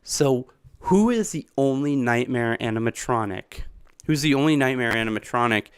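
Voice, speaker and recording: Streamer man, casual and rambling, laughing often, mid-pitched, dry close mic. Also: lively intonation, normal speed, clear, resonant tone, no room sound. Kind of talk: casual live-stream chat.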